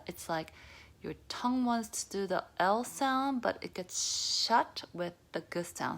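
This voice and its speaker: A woman teaching a pronunciation lesson, patiently repeating sounds and often dropping to a soft near-whisper. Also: mid-range voice, lively intonation, measured pace, vocal fry. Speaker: Korean language teacher.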